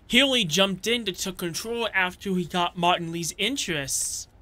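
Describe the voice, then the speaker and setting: A man giving gameplay commentary, excitable and shouting jokes at the enemies. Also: high-pitched, normal speed. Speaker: let's play gamer. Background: game music.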